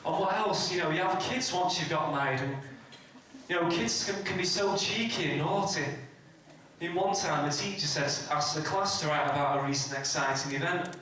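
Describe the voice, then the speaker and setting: A man's voice: fairly high pitch, normal speed, sharp tone, far from the mic, a little hiss or hum. Man telling jokes in echoey hall. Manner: telling a string of mother-in-law and family jokes. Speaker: stand-up comedy contestant. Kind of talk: stand-up joke telling. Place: community hall stage.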